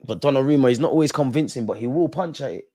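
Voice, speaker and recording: A man's voice: mid-range voice, quick pace, mellow. A man hosting a live football watch-along, talking emotionally at the players and referee on screen in casual, slangy speech with some swearing. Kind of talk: live match reaction.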